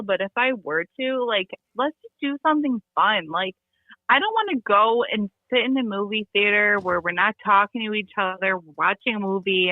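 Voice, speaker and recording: A woman's voice: mid-range voice, dry recording, narrow, tinny audio. Giggly young woman telling a story. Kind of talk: casual chat.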